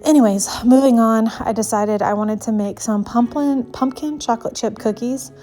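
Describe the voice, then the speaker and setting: A woman's voice: fairly high pitch, normal speed, mellow. A young woman chatting through a casual home cooking voice-over, a little out of breath, rambling with lots of fillers. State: slightly out of breath. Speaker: vlogger, mother of six.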